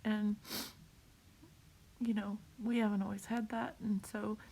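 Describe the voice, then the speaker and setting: A woman talking on a live video while crying, in a halting way, repeating herself and laughing through her tears. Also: mid-range voice, flat delivery, dark tone, slightly rough. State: tearful, crying. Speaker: vlogger sharing a cancer update. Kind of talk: emotional live video talk.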